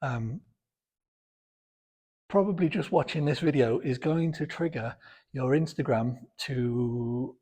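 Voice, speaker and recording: This British man, a fitness vlogger with a sore throat, chats bluntly and outspokenly to camera from his home gym, using many fillers. His mid-range voice is dark and slightly rough, and he speaks slowly with long pauses.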